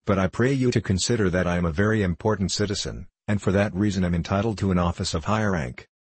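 A self-important orchard farmer from a storybook, polite yet dragging his feet, as a man reads him. His voice is deep and husky, close and dry. He bargains for rank with a sad, grudging air. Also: fast, no echo.

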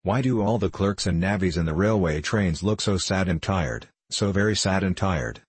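Man doing a sarcastic male anarchist poet, supercilious, low pitch, dry recording. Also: expressive, moderate pace, breathy edge, dry recording. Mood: mocking. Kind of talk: audiobook character reading.

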